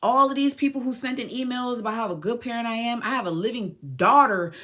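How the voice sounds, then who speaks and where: Bright-voiced woman telling her own story. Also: on the high side, fast talker. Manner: emphatic, animated retelling with acted quotes. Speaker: podcast host. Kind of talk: personal storytelling.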